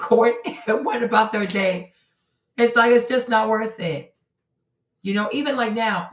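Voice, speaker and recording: A woman hosting an opinionated commentary stream, talking emphatically and rhetorically, repeating phrases for effect. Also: on the high side. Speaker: host. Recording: roomy and distant from the mic.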